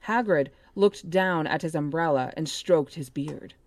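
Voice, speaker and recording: A woman co-hosting a book club podcast, reading a novel aloud with steady narration and chatting with curious questions. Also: low voice, a little slow. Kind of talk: reading a novel aloud, then casual chat.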